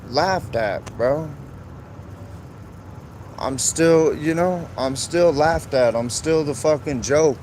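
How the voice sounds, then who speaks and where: A man's voice: medium pitch, darkish tone, slight background noise. A man ranting in a heated, rambling, profane monologue on his live stream.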